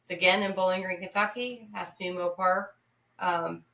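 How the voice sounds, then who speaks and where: A woman's voice: fairly low pitch, fairly even intonation, normal speed, creaky, sharp tone, far from the mic. A woman co-hosting a podcast, chatting casually and promoting events with plenty of fillers. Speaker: podcast co-host. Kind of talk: casual chat. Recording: roomy, off-mic sound.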